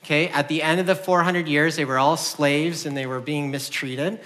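Middle-aged guy preaching, bright voice a bit high, earnest and chatty, long hall echo. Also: fairly even intonation, moderate pace. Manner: conversational, earnest, with frequent restarts and fillers. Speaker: pastor. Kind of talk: sermon. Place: church sanctuary.

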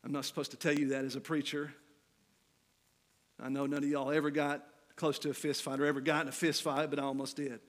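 A middle-aged man preaching a sermon, telling a candid personal story that swings between loud, animated passages and quiet, hushed ones. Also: fairly high pitch, a little fast. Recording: long hall reverb.

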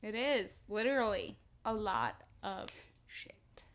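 A woman co-hosting a podcast, cutting in with quick, sarcastic jokes while a story is read. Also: medium pitch, animated. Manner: quick jokey interjections, sarcastic. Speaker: podcast co-host. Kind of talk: casual chat.

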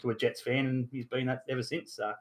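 An Australian man in his thirties from Newcastle hosts a casual sports podcast, speaking fast in a medium-pitched, fairly flat voice. He rambles with lots of fillers and the odd mild swear.

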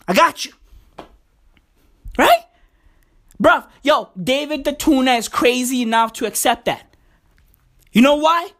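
A woman's voice: on the high side, fairly bright tone. A woman from South Africa delivering a profane, slangy, incredulous comedic rant to camera. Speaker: commentator.

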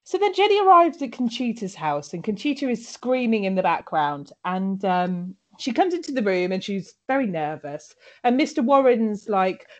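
A woman's voice: medium pitch, moderate pace, hardly any pauses. A woman co-hosting a casual comedic chat, recapping a TV episode and acting out its characters. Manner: animated storytelling, acting out characters. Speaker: podcast co-host recapping a TV episode.

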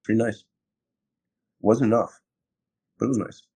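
A man, a former Marine, telling stories from his service in a relaxed, casual way, laughing often and acting out the things people said to him. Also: on the low side, unhurried, slightly rough. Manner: laid-back, laughs often, acts out quoted exchanges. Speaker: interview guest, former Marine. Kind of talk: casual storytelling. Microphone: phone.

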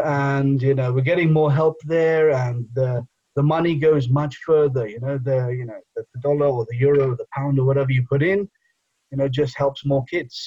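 An engineering professor who founded a charity speaks as a guest in a relaxed interview, rambling and leaning heavily on fillers like "you know." He is from England and his first language is Bengali. His warm, mid-range voice comes through with the highs cut off.

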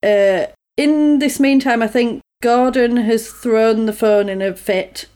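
A woman's voice: fairly high pitch, takes it slowly, mellow. A woman chatting casually, retelling a film scene by scene and acting out the characters' lines. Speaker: podcast co-host recapping a film. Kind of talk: casual chat.

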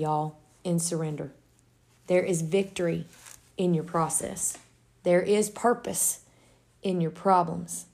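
A woman's voice: on the low side, gravelly, a little mellow. A woman giving an earnest, heartfelt faith-based encouragement talk. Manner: earnest, heartfelt, with some restarts. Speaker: devotional speaker.

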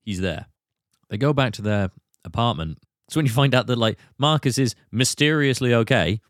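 Lively British man retelling a film. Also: medium pitch, no echo, studio quality. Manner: animated retelling, slipping into quick impressions. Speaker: podcast host. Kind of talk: casual film discussion.

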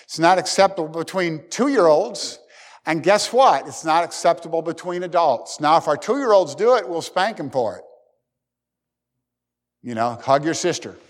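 A male pastor preaches an earnest sermon, acting out the voices of the people he quotes. His voice sits a little high for a man. It rings with the long reverb of a large church hall. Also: expressive, moderate pace.

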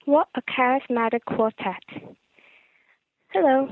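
A woman voicing a prying, gossipy female tabloid reporter with a theatrical, purring, drawn-out delivery. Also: high voice, dry recording. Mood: sly. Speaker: listener sending an impression. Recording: tinny phone-line recording.

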